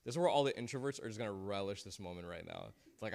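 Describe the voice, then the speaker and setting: A man's voice: lowish voice, lively intonation, very fast, vocal fry, hardly any pauses, a little mellow. A man teaching a class, leading a discussion in a joking, encouraging way and praising answers. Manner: joking, encouraging, uses Islamic phrases.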